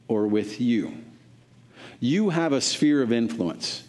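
A man's voice: mid-range voice, lively intonation, slow, pauses often, a little mellow. A man preaching a sermon as pastor, earnest and exhorting, repeating phrases for emphasis.

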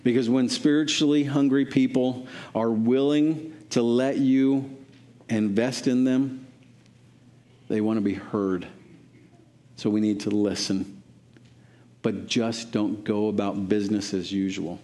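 A man's voice: on the low side, fairly even intonation, slow pace, long pauses, mellow. A man preaching a sermon as pastor, earnest and exhorting, repeating phrases for emphasis.

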